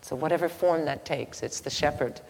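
A woman giving a slow, halting devotional teaching with a story, soft-spoken, recorded in an echoey hall with faint ambient noise. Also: deep voice. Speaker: spiritual teacher.

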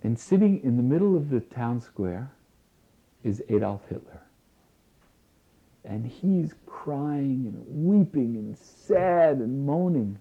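A man with a gravelly voice gives a spiritual lecture, slow and deliberate, leaning on repeated phrases. The recording is thin and tinny, like a phone line. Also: mid-range voice, lively intonation. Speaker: spiritual teacher.

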